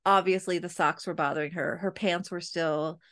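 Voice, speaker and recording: A woman's voice: on the low side, fairly even intonation, normal speed, a bit bright. A woman in her thirties, a podcast host and parenting coach, telling a personal parenting story in a candid, chatty way with many asides to her listeners. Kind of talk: casual storytelling monologue.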